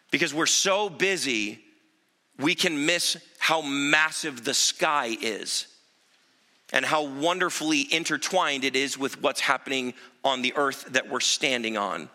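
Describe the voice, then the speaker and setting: A man preaching a sermon as pastor, conversational, dropping low and quiet to land his points. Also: unhurried. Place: church sanctuary. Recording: reverberant hall.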